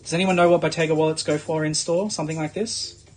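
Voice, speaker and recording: Chatty Australian man, live-stream seller, casual pitch, faint background music. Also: steady tone, fast, a little mellow. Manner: chatty sales pitch, full of fillers. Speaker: live-stream shopping host. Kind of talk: live sales stream chat.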